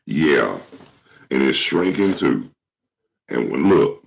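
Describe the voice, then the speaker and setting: Give me a man with a very low, gravelly voice, hoarse from a cold, chatting loosely and slangily to the camera. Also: sing-song, slow, long pauses, rough recording. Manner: slangy, rambling, swears freely, addresses viewers as y'all. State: hoarse with a cold, keeps clearing his throat. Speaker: vlog host. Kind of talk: casual monologue to viewers.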